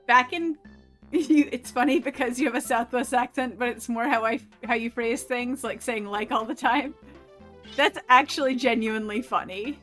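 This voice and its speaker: A woman's voice: on the high side, moderate pace, a bit bright. A woman gaming streamer chatting casually while she plays, rambling and swearing freely. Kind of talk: casual chat while playing. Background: faint game music.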